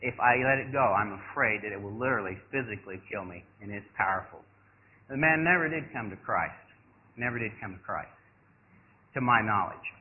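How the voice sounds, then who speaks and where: A man's voice: lowish voice, brisk. An older man tells a story from the pulpit and voices each person in the dialogue, rising sharply for the surprised parts. The audio is thin and tinny, close to a phone line, with a faint hiss underneath. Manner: animated storyteller acting out dialogue. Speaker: preacher. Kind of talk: sermon storytelling.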